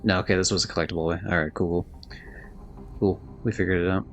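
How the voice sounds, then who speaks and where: A man's voice: deep voice, fairly even intonation, fast talker, faint music behind. A man streaming a video game live, chatting loosely and rambling, swearing now and then. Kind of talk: casual live-stream chat while gaming.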